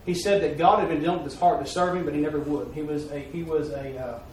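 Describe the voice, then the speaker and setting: A preacher man tells his mission story in a folksy, repetitive style, building to emphatic peaks. His somewhat high voice carries from a distance in a heavily echoing hall, over a faint hiss. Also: fairly even intonation, fast talker, a little mellow. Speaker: preacher giving a mission report. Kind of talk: sermon storytelling. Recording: echoey hall, far-off mic, faint noise.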